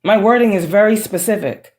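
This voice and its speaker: A woman's voice: medium pitch, brisk, a little mellow. A woman giving a profane, emphatic, preachy casual monologue as a psychic tarot reader. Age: adult with children.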